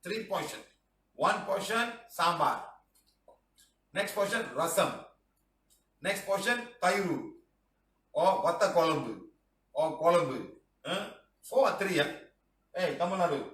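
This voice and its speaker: A man's voice: sits high, unhurried, long pauses, fairly bright tone. A middle-aged man, teaching a live class in a joking, teasing way, reading out viewer comments and ending phrases with "huh?" and "lah". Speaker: healing teacher. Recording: roomy echo, mic at a distance.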